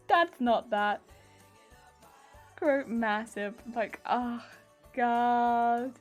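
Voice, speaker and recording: A woman chats casually with her stream viewers while she works on a cosplay, giggling often and teasing back at the chat. Her voice sits high. She talks at an easy, unhurried pace, with faint music under her. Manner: playful, reads and answers chat. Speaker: livestreamer.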